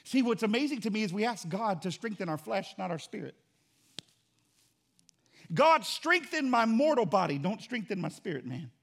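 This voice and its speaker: A man preaching a sermon as pastor, emphatic and repetitive in cadence, swinging between loud and quiet. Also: high-pitched, lively intonation, quick pace, creaky, hardly any pauses. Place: church.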